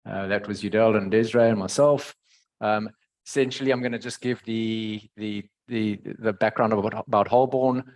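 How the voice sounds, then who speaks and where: A man with a South African accent hosting a webinar over a video call, with a hesitant, pausing delivery. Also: on the low side, steady tone, a little mellow. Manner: hesitant, many pauses. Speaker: webinar host. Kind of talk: webinar moderation.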